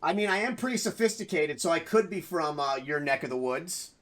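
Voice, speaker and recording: A man's voice: fairly high pitch, fairly quick, a bit bright. A man streaming a video game, chatting casually and joking with viewers and his dogs.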